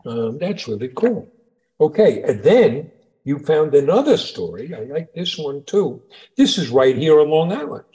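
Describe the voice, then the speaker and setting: A middle-aged man from New York co-hosting a casual show, telling jokes and reading news stories in an animated way. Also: on the high side, a little slow. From New York, USA. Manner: animated storyteller, reads stories aloud. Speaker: podcast co-host, father. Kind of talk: casual chat.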